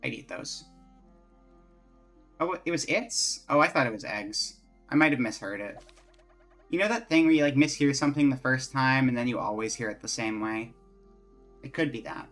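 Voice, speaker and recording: A man's voice: medium pitch, expressive, normal speed, pauses often, fairly bright tone, faint music behind. A man streaming live, chatting casually and rambling from topic to topic in a self-mocking way. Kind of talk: casual live-stream chat while playing.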